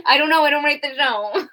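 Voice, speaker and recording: Young woman doing a live stream chat, bright tone, lots of ums and laughs. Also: high-pitched, lively intonation, moderate pace. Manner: chatty, giggly, filler-heavy. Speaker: co-host. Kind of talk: live show discussion, reading chat comments.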